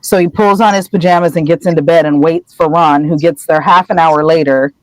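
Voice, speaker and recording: A woman co-hosting a podcast, casually recapping a story in an animated way and slipping into voices. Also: low voice, fairly quick, dry recording, rough recording. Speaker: podcast co-host.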